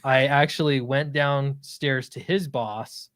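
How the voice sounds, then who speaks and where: A man with a mid-pitched voice tells an embarrassing story on a podcast, laughing at himself and stumbling over restarts. His voice is recorded close and dry. The chat is casual and loose. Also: fairly even intonation, a bit bright, no echo. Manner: self-deprecating, laughing, halting restarts. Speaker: podcast co-host.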